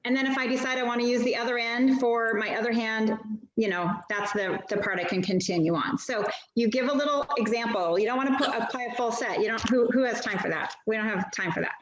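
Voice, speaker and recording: A chatty woman walks fellow sellers through a product demo in a casual, self-deprecating way. Her voice comes through a video call that sounds roomy and a little muffled, with the high end dulled. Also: brisk, few pauses. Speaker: nail polish stylist training other sellers. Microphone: video call mic.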